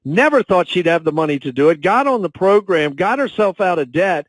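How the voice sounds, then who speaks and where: A man's voice: sits high, sing-song, no room sound, low-quality recording. Dry-sounding man telling motivational stories. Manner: emotional, storytelling, slows down when moved. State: choked up. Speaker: national sales and training director. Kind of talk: motivational corporate talk. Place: conference call.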